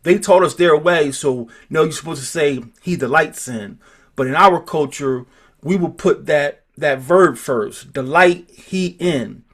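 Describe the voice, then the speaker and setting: Halting, emphatic male scripture teacher. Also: on the high side. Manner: halting, repeats phrases, grows emphatic. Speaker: Bible study teacher. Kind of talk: leading an online scripture study.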